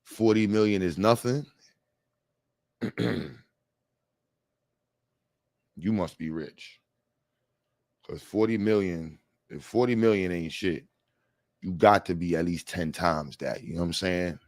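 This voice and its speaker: A young man hosting a livestream panel, talking in slang, animated and joking, reading the chat aloud. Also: sits low, slow, long pauses, no room sound. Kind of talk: casual livestream talk. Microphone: streaming mic.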